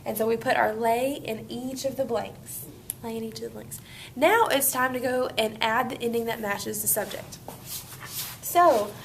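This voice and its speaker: A woman teacher leads a grammar lesson step by step, upbeat and encouraging. Her voice sits a little high, with a gravelly fry at the ends of her phrases. A faint background noise runs under the recording. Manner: upbeat, walks students through steps. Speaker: Spanish teacher.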